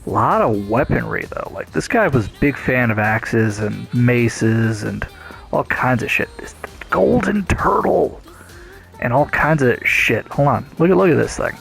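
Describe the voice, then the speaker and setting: A man commenting on his game in a casual, excitable way, cursing freely along the way. His middle-pitched voice has a gravelly fry, and faint music sits behind him. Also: measured pace. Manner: casual, enthusiastic, swears a lot. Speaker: game streamer. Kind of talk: let's play commentary.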